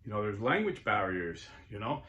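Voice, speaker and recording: The voice is on the low side, with big pitch swings, normal speed and a pushed, bright quality, captured with lo-fi sound in an echoey room. It belongs to a middle-aged YouTube host and Catholic convert whose casual, earnest monologue sometimes erupts into preachiness.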